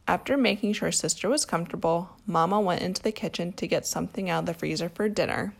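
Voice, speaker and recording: A woman's voice: fairly low pitch, quick pace, vocal fry, few pauses. Woman reading a picture book aloud. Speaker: storybook reader.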